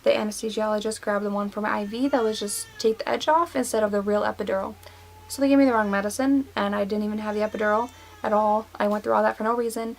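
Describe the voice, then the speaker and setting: A young woman of nineteen talks casually to her camera in a gravelly, fry-laden voice, pausing often with fillers. She sounds teary and moved, her pitch sitting a little high but staying fairly flat. A faint hiss runs under the recording. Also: poor audio. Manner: emotional, many fillers and likes. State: tearful. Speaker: vlogger. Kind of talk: casual personal story to camera.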